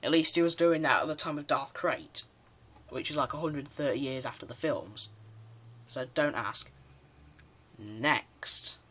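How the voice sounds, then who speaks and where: A video creator gives casual countdown commentary on his own video, eager and rambling, often saying "yeah" and restarting sentences. His medium-pitched voice is bright and forceful, a little slow, with frequent pauses.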